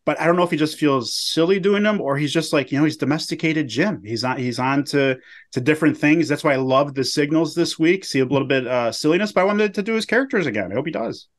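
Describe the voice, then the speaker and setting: A man's voice: a little high, lively intonation, fast talker. Jokey man co-hosting a podcast. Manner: jokey, easygoing banter. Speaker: podcast co-host. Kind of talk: casual recap chat.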